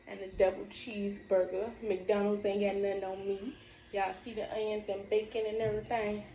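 A woman's voice: mid-range voice, level tone, normal speed, vocal fry, slight background noise. A woman, chatting playfully with viewers in a casual eating vlog, with sing-song repeats. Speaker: mukbang vlogger. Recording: slightly dull, echoey room with faint ambience.

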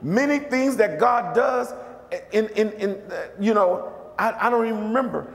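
A man preaching in a high, bright register, his voice ringing through a big echoey church hall. He talks in a lively, conversational way and keeps calling out questions to the congregation. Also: normal speed, creaky. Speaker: bishop, preacher. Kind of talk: sermon.

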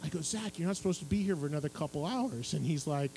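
A middle-aged man telling an animated anecdote to a live audience at a book signing, acting out other people's lines and laughing as he goes. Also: a little high, fast talker, few pauses, husky, rough recording. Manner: lively storyteller who acts out other people's lines and laughs through the tale. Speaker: radio and TV music host telling a story at a book signing. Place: radio station stage at a public event.

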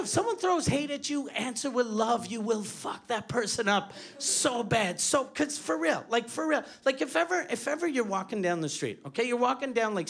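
A man from Quebec, doing a stand-up comedy set on a club stage, telling animated, profane stories full of restarts. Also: extremely high pitch, vocal fry. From Quebec, Canada. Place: comedy club stage before a live audience.

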